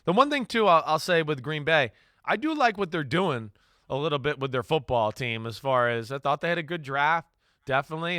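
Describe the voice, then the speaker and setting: A man's voice: fairly high pitch, pushed and bright, no room sound, clean studio sound. A man co-hosting a sports talk show, giving his take in a loose, rambling way, full of restarts and fillers, and growing enthusiastic. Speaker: sports analyst. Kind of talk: casual sports analysis chat.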